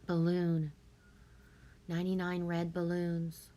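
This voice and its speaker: A woman's voice: lowish voice, monotone, slow pace, warm tone. Chatty woman reading live chat. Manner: chatty, laughs often, reads comments aloud. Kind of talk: casual live chat with viewers.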